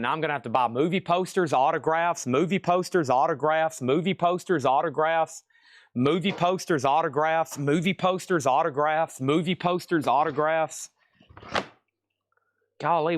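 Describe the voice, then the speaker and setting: A man's voice: fairly high pitch, moderate pace, dry recording. A man hosting a live record sale stream, calling out lots and start prices, rambling and joking between auctions. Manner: rambling, joking, self-deprecating. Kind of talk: livestream auction chatter.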